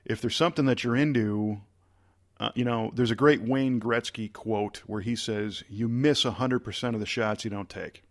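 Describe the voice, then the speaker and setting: A man casually telling a long story about his early career in a relaxed interview, restarting phrases and acting out conversations. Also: mid-range voice, normal speed. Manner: rambling, animated storytelling with quoted voices. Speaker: podcast guest.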